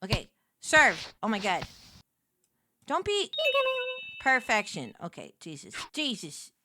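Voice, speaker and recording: A young woman streamer gives casual gameplay commentary, excitably talking to herself and shouting when she gets flustered. Her voice is mid-range and slow, with a little hiss or hum in the recording.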